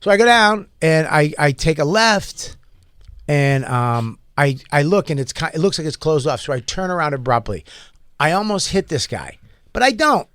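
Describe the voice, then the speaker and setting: A man tells a story to friends in a lively, profane, animated way. His voice sits a bit high for a man. The sound is dry and close to the mic. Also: moderate pace, clean tone, no room sound. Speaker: podcast co-host telling a story. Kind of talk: casual storytelling among friends.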